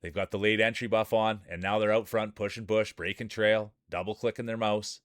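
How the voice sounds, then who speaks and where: A man's voice: on the low side, a little fast, dry recording, studio quality. A man streaming and giving playful sports-style play-by-play commentary on a game, joking and hyping up the players. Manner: excitable, joking, hypes up players.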